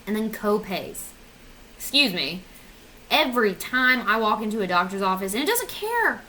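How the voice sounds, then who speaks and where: A woman's voice: medium pitch, sing-song, normal speed, pushed and bright, a little hiss or hum, low-quality recording. A woman in her twenties ranting sarcastically on her vlog, swearing and mocking herself. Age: 20s. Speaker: vlogger. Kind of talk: casual comedic rant.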